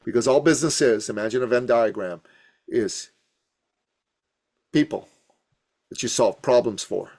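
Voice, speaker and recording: This Iranian man in his fifties, a business coach, tells a motivational story as a podcast guest in a punchy, rhythmic, emphatic style. His medium-pitched voice has a darkish tone, and he is unhurried, with long pauses.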